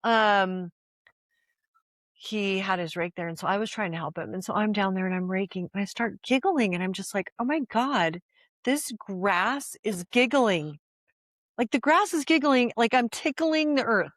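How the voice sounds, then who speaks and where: Animated older woman telling stories. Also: mid-range voice, normal speed, no echo, clean studio sound. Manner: animated storytelling, frequent laughter and restarts. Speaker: guest. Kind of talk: casual conversation.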